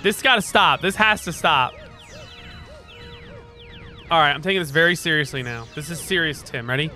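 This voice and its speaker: A young man doing let's play commentary, excitable, swearing a lot and yelling at the game. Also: fairly high pitch, normal speed, faint music behind. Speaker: gaming streamer.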